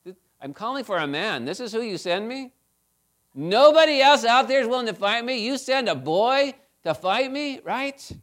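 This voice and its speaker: A man voicing a boastful giant warrior who loudly taunts his foes in a retold story. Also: brisk, few pauses. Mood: mocking. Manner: loud mocking taunts, high-pitched.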